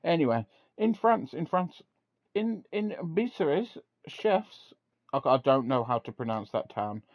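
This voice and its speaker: In a dry, lo-fi home recording, a male podcast host chats casually in a slightly high, very animated voice at a slightly slow pace. He laughs often, curses casually, and reads out text from a web page.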